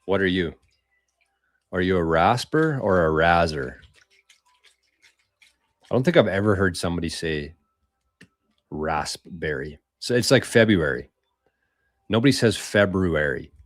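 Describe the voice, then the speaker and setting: A man's voice: sits low, expressive, moderate pace, long pauses, no room sound. Loose, rambling man on a live stream. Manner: rambling, loose and profane, chatting with viewers. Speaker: podcast host. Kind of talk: casual live-stream chat.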